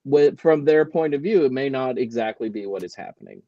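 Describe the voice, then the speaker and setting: A man on a podcast tossing out deadpan, teasing remarks in a mid-pitched voice. His audio sounds dull and dry, like a remote call. The quips are flat and understated. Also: brisk, no room sound. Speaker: podcast co-host. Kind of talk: casual chat, teasing banter.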